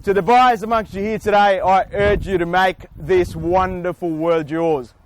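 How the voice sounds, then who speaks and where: A man, an auctioneer, speaking outdoors in front of a house with booming salesman patter and long theatrical pauses. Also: steady tone, slight background noise. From Australia. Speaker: real estate auctioneer.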